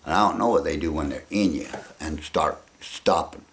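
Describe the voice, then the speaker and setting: A man with a gravelly voice talking in a rambling casual monologue, chuckling often and trailing off. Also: extremely low pitch, normal speed, a bit bright. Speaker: vlogger.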